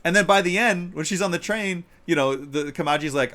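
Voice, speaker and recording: Animated man chatting on a livestream. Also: brisk. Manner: animated, acts out quotes in a higher voice. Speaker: podcast co-host. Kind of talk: casual chat. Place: live-streamed podcast.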